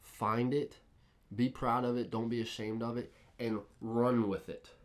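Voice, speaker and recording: A young man co-hosting a casual podcast, telling stories in an excitable, hype-filled way. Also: mid-range voice, measured pace. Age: young adult. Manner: excitable storyteller, lively and hype-driven. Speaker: podcast co-host.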